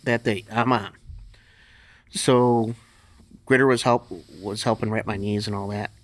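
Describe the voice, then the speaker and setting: A man's voice: lowish voice, fairly even intonation, a little slow. A middle-aged man, a podcast guest, telling blunt, profane stories in casual conversation and laughing as he goes. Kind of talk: casual storytelling interview.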